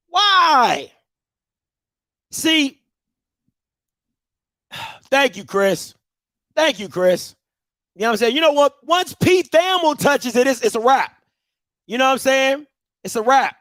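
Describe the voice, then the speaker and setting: High-voiced emphatic male talk host. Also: big pitch swings, slow, pauses often, bright, forceful tone, dry recording, clean studio sound. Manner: emphatic and repetitive, with slang. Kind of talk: live talk show commentary.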